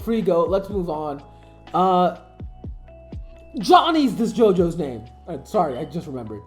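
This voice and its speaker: A woman in casual commentary, gushing and profane, a fan who gets swept up in what she loves. Her pitch swings in a lively way. The room is roomy and echoey, with faint music behind. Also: a little slow. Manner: excitable, profane, emotional fan talk. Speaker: anime commentator.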